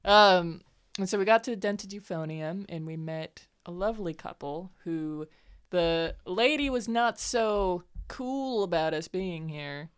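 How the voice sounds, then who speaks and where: A woman's voice: on the low side, lively intonation, a little slow, smooth. A woman player recapping a tabletop game in a chatty, giggly way with hesitant fillers. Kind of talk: casual recap chat.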